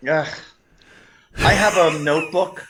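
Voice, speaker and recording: A man's voice: fairly high pitch, measured pace, noisy background. A male comedian guest chatting casually on a talk show, rambling with fillers. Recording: dull lo-fi sound.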